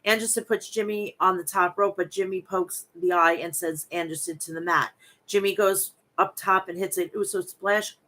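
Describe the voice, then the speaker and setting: Woman, Long Island New York accent, nasal and bright-toned, blunt casual podcast host who swears freely. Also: medium pitch. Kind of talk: casual chat and recap reading.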